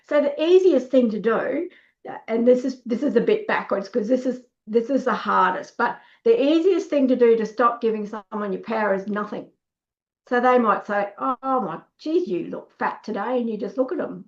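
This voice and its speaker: A woman's voice: on the high side, vocal fry, lo-fi sound. A middle-aged woman, talking casually on a webinar, telling stories and acting out what people said, with lots of restarts. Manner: storytelling, acts out quoted lines, many restarts. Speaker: workshop speaker.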